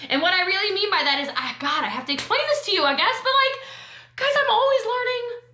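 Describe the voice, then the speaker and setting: A woman's voice: very high-pitched, expressive, bright, forceful tone, roomy sound. Sassy woman giving a pep talk. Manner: sassy, emphatic, quick asides. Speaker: network marketing trainer. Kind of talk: motivational training talk.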